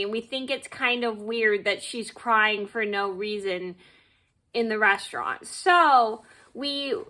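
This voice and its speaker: Young woman vlogger, higher bright voice, rambling repetitive storytime delivery. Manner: rambling and repetitive, fills gaps with blah blah. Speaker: vlogger telling a work story. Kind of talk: casual storytime.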